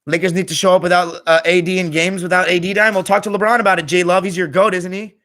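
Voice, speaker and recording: A young American man hosting a live stream, reading chat comments in a tired, offhand way and trailing off quietly at the ends of phrases. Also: high voice, flat delivery, quick pace.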